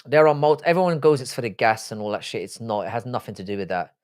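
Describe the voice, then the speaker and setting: A man's voice: mid-range voice, animated, quick pace. A man in his forties hosting a live stream, answering viewer chat in casual, blunt, profane, joking banter. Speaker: livestream host.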